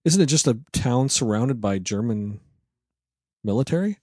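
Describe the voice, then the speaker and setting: A man's voice: mid-range voice, animated, normal speed, darkish tone, no echo, studio quality. A man co-hosting a casual movie review chat, rambling and sarcastic, swearing freely as he picks apart plot holes. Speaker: podcast co-host.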